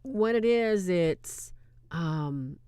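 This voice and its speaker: Chatty woman recapping a film, lively pitch. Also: drawn-out words, smooth, no room sound. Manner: retells scenes with acted-out quotes, chatty. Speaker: movie reviewer. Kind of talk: casual film recap, live-streamed.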